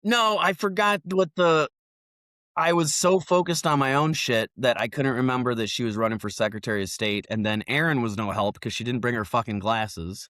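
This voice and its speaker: A man who is a political candidate, telling stories in casual podcast chat, animated and profane, acting out what people said. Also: medium pitch, normal speed, no room sound, studio quality.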